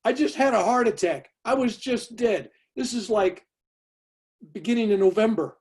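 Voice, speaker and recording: A husky-voiced man in his seventies, from California, tells a long personal story to an audience. He speaks in a fairly high register and keeps checking in with his listeners with an easy "right?" and "you know". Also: normal speed. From California, USA. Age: 70s. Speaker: guest speaker.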